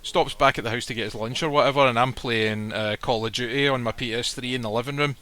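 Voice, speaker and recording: Bright-voiced man telling a blunt story. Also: mid-range voice, fairly even intonation, fast. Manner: blunt, swears freely, acts out quoted lines. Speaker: guest telling a personal story. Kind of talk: casual storytelling. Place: live stream recording.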